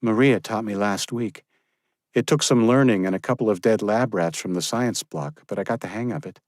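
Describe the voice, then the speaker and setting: A fierce, caring young woman medic, spoken high and quick to tease, as a man puts her on. Her lines are lifted well above a deep male reading voice and heard close and dry. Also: no echo, close to an everyday voice. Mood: urgent, teasing. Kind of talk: audiobook character reading.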